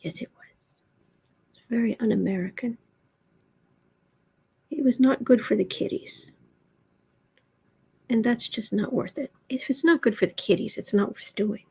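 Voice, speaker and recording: A woman hosting a casual tarot livestream at home, chatting slowly and often slipping into soft, whispered baby talk. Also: fairly high pitch, vocal fry, breathy edge. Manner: slow, chatty asides. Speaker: tarot reader and livestream host.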